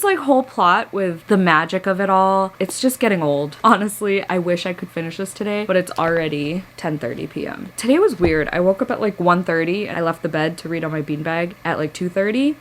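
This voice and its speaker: A woman vlogging from home at night about her reading, her voice sitting a little low. She talks candidly and casually, laughing often and dropping curse words freely. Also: a little hiss or hum. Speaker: book vlogger. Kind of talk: casual book review vlog.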